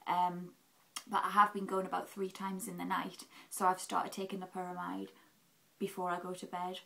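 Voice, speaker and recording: A woman's voice: fairly low pitch, completely flat delivery, normal speed, vocal fry, sharp tone, low-quality recording. A young woman from England giving a chatty, candid vlog update about her recovery, full of "um"s and acted-out quotes. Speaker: vlogger. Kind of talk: casual health update vlog.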